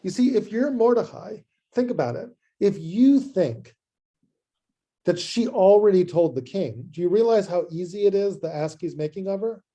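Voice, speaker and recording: A man, a rabbi, giving an adult education lecture in an animated, conversational way that acts out scenes. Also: high voice. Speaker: rabbi and teacher.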